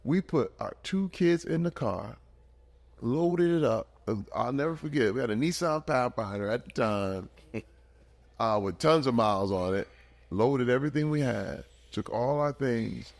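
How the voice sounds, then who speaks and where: A man in his fifties from Michigan, a podcast guest telling his life story in an earnest, animated way with big swings in energy. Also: mid-range voice, measured pace. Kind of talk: emotional personal storytelling.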